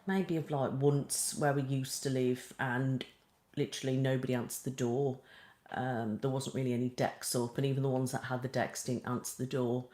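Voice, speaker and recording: Low-voiced chatty British woman. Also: fairly even intonation, moderate pace, warm tone. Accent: British English. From Britain. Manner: chatty and rambling, with lots of "like" and "um". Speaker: ASMR live streamer. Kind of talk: casual chat with live viewers. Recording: roomy echo.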